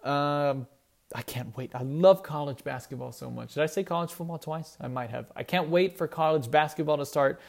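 A man's voice: fairly high pitch, moderate pace, creaky. A young man hosting a casual sports show, rambling and correcting himself as he talks enthusiastically about college teams. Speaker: sports podcast host.

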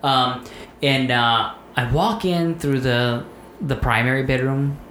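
A man's voice: medium pitch, slow pace, a bit bright. Profane rambling man in an echoey room. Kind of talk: casual storytelling chat. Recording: echoey room with faint noise.

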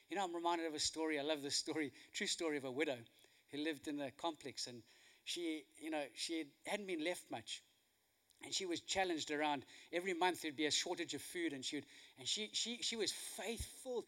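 A man preaching a sermon, telling stories in an animated way and swinging from hushed to loud. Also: a little high, a little fast.

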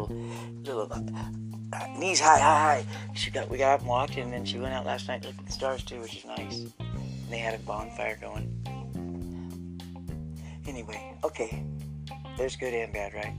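A man's voice: mid-range voice, gravelly. Man, casual vlog ramble, jumpy, restarts, music playing behind. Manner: scattered, jumpy, restarts often, folksy "y'all". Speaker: vlogger. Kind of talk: rambling casual monologue to viewers.

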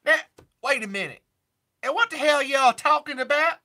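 A man plays a brassy country singer with a twang, pitched far up above his own voice and pushed out loud and bright. She is bossy and sassy, a tough single mom who won't back down. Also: animated, normal speed, heavily acted.

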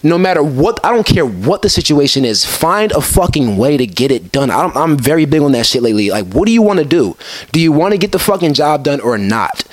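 A man's voice: fairly high pitch, big pitch swings, fairly quick, no echo. A man co-hosting a casual podcast chat, giving a profane, fired-up motivational speech full of restarts. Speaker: podcast co-host.

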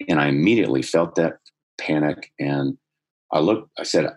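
A middle-aged man with a husky voice, earnestly telling a personal story in conversation, growing more animated as he goes. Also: rumbling low, a little fast. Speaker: guest telling his life story.

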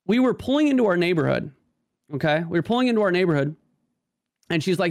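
A man's voice: sits high, very animated, quick pace, vocal fry, a little mellow, dry recording, studio quality. A man talking casually as a podcast guest, stammering and restarting often, with many "like" fillers. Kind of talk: casual conversation.

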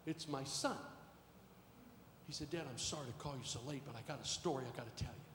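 A middle-aged male pastor preaching a sermon, moving from quiet storytelling to shouted exhortation. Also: medium pitch, brisk. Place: church sanctuary. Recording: echoey hall with faint noise.

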